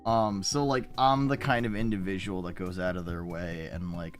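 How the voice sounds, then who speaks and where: A man's voice: on the low side, very animated, normal speed, few pauses, pushed and bright, soft background music. A man streaming and chatting casually with viewers, rambling with frequent restarts and plenty of swearing. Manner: rambling, profane, self-interrupting.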